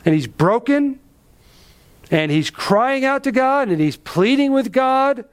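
This man's expository sermon comes slowly but with lively intonation. Emphatic in tone, he asks rhetorical questions and brings his voice down dramatically for effect.

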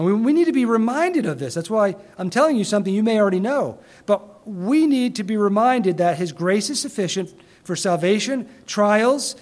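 High-voiced emphatic male preacher. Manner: emphatic preaching with rising bursts and dramatic pauses. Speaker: pastor. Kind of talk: sermon.

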